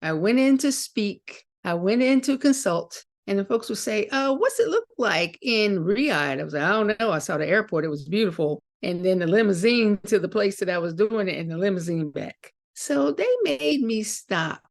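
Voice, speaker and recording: Gravelly-voiced woman telling stories animatedly. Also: medium pitch, moderate pace, hardly any pauses. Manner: animated storyteller acting out quoted dialogue. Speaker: guest, author. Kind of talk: storytelling interview.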